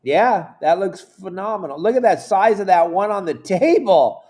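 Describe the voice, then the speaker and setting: A man's voice: high-pitched, lively intonation, moderate pace, darkish tone. A man hosting a livestream in casual chat, easygoing and passing along viewer questions. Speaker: livestream host.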